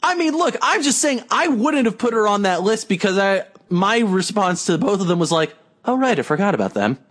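A man's voice: high voice, normal speed, a bit bright. A man co-hosting a casual podcast, talking in a sarcastic, rambling way. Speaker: podcast co-host. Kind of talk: casual wrestling chat.

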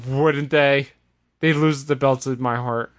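A man hosting a casual podcast, recapping events in an animated, sarcastic way. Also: medium pitch, a little slow. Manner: animated, sarcastic retelling with put-on voices. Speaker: podcast host. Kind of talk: casual wrestling recap chat.

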